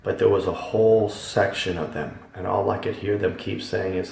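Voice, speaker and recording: A man giving a dramatic Christian testimony, emphatic, swinging from hushed tones to loud ones. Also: fairly low pitch, fairly even intonation, normal speed, creaky, a little hiss or hum. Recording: echoey hall, voice from far off.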